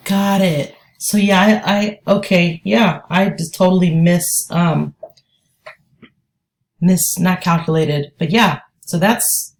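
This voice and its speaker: A woman's voice: lowish voice, a little mellow. A woman day trader giving live trading commentary, thinking aloud and hesitant as she talks.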